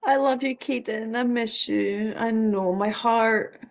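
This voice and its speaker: A middle-aged Scottish woman hosting a casual live stream, chatty and giggly, fumbling with the software as she talks to viewers. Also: fairly high pitch, fairly even intonation, takes it slowly, gravelly. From Scotland.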